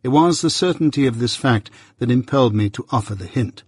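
A man narrating a story in a measured storytelling manner. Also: mid-range voice, lively intonation, slightly rough, no echo, studio quality. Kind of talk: scripted narration.

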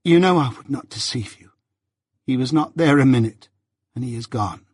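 A man reading an audiobook, voicing a gentle, timid young village woman who speaks softly and pleads. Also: medium pitch, normal speed, slightly rough, no room sound, studio quality, natural voice. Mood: earnest. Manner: soft, pleading.

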